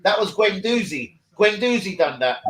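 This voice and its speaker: A man hosting a live stream, talking loudly and excitably and swearing a lot. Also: high-pitched, moderate pace. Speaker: stream host. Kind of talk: casual live stream chat. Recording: roomy echoey room.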